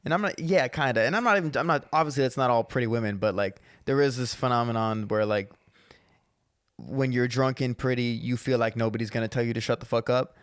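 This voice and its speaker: A man co-hosting a podcast and telling a profane, animated story as a stand-up comedian in casual chat. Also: medium pitch, a little fast, clean tone, no room sound, studio quality. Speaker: podcast co-host.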